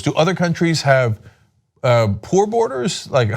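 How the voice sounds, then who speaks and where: A man giving sarcastic political commentary, mocking and exasperated, firing off rhetorical questions. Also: moderate pace. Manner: mocking, exasperated, reads quotes aloud; rhetorical questions, lively pitch swings.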